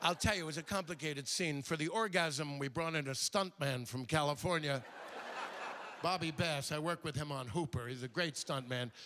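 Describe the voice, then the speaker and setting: An older man doing stand-up comedy, chatty and digressive, slipping quickly into impressions. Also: a little high, noisy background.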